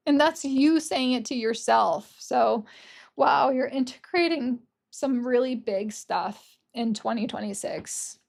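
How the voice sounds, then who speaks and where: A woman doing a casual, gentle pick-a-card tarot reading, gushing over the cards and openly emotional. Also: fairly high pitch, unhurried, gravelly. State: tearful at times. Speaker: tarot reader.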